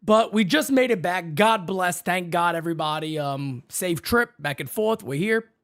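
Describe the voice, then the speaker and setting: A man hosting a baseball fan live stream from his home setup, hyped and shouting out viewers in the chat by name. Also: high-pitched, lively intonation, normal speed. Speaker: baseball fan show host.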